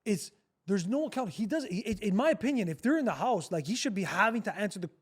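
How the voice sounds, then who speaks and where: A man's voice: high voice, lively intonation, quick pace, husky. A man hosting a casual podcast interview, agreeable and chiming in often. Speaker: podcast host.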